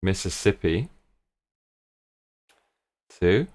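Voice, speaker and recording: A fairly low-voiced man hosting a relaxed live stream. His pitch leaps up and down as he talks himself through plans, excitable and full of "look, look" and "bruv". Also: extremely slow. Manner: excitable, thinking aloud, repeats 'look' and 'bruv'. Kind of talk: casual chat while planning a trip with viewers.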